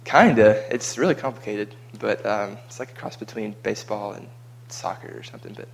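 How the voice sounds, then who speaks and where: Casual guy, low gravelly voice, flat delivery, rambling travel chat. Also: brisk. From United States. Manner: chatty and rambling, with frequent repeated words. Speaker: vlogger recounting a mission trip.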